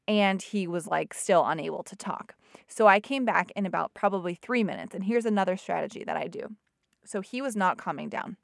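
A woman at a middle pitch tells a family story the way she'd tell a friend. She is chatty and animated, leans on "like" a lot, and sounds close and dry, with no room around her. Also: a little fast, vocal fry, no room sound. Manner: chatty, many "like" fillers, animated retelling. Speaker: mother. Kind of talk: casual storytelling to an audience.

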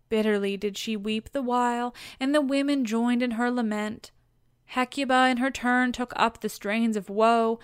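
Smooth-voiced woman narrating an epic. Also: on the high side, fairly even intonation, a little slow, no room sound, studio quality. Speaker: audiobook narrator.

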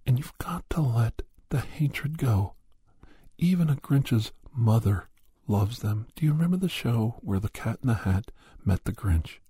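A man's voice: medium pitch, lively intonation, measured pace, mellow, husky, dry recording, clean studio sound. A man giving a rambling, preachy moral monologue, often sliding into a whisper. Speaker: monologue speaker.

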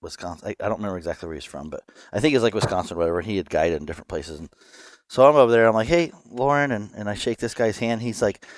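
A man hosting a podcast, telling stories in a casual, animated way and laughing often. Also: low-pitched, rapid-fire, no room sound, studio quality. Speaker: podcast host. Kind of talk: casual chat, storytelling.

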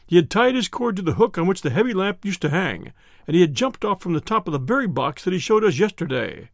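A man's voice: high voice, sing-song, creaky, dry recording, studio quality, heavily acted. A man voicing a shaken doctor who talks in an agitated rush. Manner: agitated, rushed. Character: shaken, frantic male doctor.

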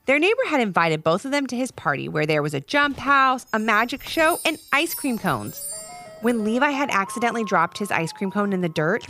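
Expressive woman reading a children's story. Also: a little high, brisk, soft background music.

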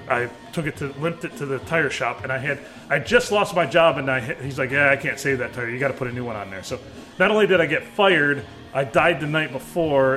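A man's voice: medium pitch, bright, forceful tone. A man in his thirties co-hosting a podcast, joking around and telling rambling stories in casual banter. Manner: jokey, rambling storyteller. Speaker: podcast co-host.

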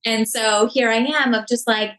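A woman's voice: a little high, fairly even intonation, moderate pace, fairly bright tone, low-quality recording. A woman speaking earnestly and reflectively in a casual podcast conversation, with many fillers. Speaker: podcast guest.

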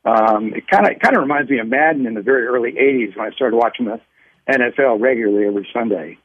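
Husky male caller on a phone line. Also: medium pitch, fast talker, dry recording. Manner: hesitant, many ums and restarts. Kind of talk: phone-in caller talking football.

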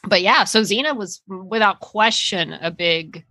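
A woman co-hosting a podcast, talking casually and piling up half-finished thoughts before landing on her point. Her voice is bright and forward, recorded close and dry with no room sound. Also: medium pitch, a little slow, no echo, poor audio. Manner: chatty, trailing off and restarting mid-thought. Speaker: podcast co-host. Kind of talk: casual chat.

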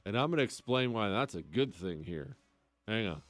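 A man's voice: normal speed, music in the background. A man hosting a political talk radio show, delivering a sarcastic monologue full of mocking repetition and incredulous outbursts. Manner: animated, swings into incredulous high outbursts.

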